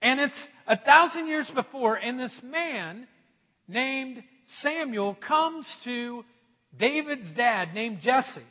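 Husky high-voiced pastor preaching in a hall. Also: male voice, slow pace. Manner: animated storytelling, talks to the congregation. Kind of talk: sermon. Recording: dull sound, long hall reverb.

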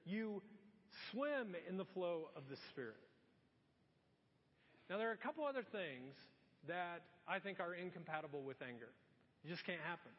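A man's voice: high voice, moderate pace, pauses often. A middle-aged male pastor preaching a sermon in a church, acting out exasperated asides. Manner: animated, acts out exasperated asides. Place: church auditorium. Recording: long church-hall reverb, dull lo-fi sound.

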